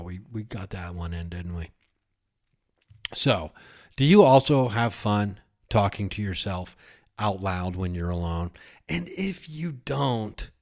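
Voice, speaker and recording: A man's voice: on the low side, a little mellow. A man hosting a podcast in a rambling, improvised comic monologue, often breaking into giggles and chatting to imaginary characters. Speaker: podcast host.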